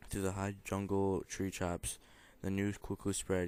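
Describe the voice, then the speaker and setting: A young man, apparently a student, reads a children's rhyming picture book aloud, mostly without doing character voices. His voice is very low, level and completely flat, with a smooth, clear, slightly mellow tone. He reads unhurriedly, occasionally stumbling and correcting himself.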